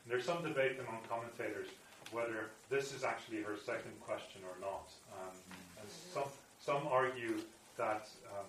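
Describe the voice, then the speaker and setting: A man's voice: mid-range voice, normal speed, fairly bright tone, slight background noise. A man teaching a class and reading scripture aloud, explaining it with many fillers and restarts. He is recorded from a distance in a room with students. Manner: reads passages aloud, then explains them. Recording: echoey room, voice far from mic, faint ambience.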